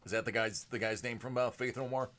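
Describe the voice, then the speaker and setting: A man hosting a live card-break stream, chatting casually with viewers and moving between a projected announcer voice and a softer everyday voice. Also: mid-range voice, steady tone, fast talker. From United States. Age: adult with a young son. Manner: chatty, answers viewers by name.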